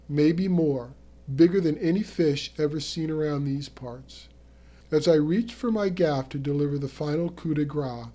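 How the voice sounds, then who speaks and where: Man narrating a story, mellow voice. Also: fairly high pitch. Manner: vivid first-person storytelling, bursts of excitement in dialogue.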